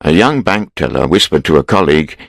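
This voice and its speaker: Deep-voiced man narrating a story. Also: vocal fry, no echo, poor audio. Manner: steady, measured reading. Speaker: narrator reading a graded English story.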